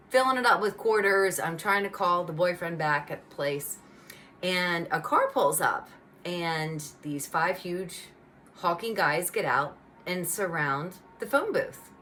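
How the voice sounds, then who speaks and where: A middle-aged woman telling a personal faith testimony in a lively, chatty storytelling way. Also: on the low side, measured pace, slight background noise. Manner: animated, conversational storytelling with lots of "like" and "you know". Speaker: speaker giving a personal testimony.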